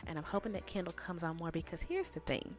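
A woman's voice: fairly low pitch, fast talker, faint music behind. Sassy woman recapping reality TV. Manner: sassy, animated, talks straight to the viewers. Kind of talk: casual opinionated commentary.

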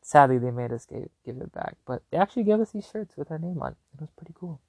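A young man hosting a podcast, telling a long story in a casual, animated and rambling way with lots of fillers. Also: a little high, quick pace, gravelly, no room sound. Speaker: podcast host.

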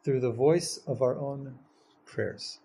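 A man teaching a Jewish text class, reading Hebrew passages quickly and then explaining them, often building to emphatic, stressed phrases. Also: medium pitch, vocal fry, mellow, a little hiss or hum. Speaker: Torah teacher.

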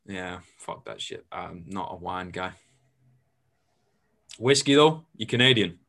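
Swearing man, bright voice. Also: low-pitched, slow, gravelly. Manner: swearing, storytelling, animated. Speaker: host. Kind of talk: casual podcast chat.

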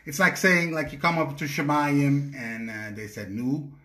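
A man's voice: a little high, expressive, moderate pace, sharp tone. A man co-hosting a podcast, explaining in casual talk with frequent fillers and restarts. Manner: hesitant, many fillers and restarts. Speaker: podcast co-host.

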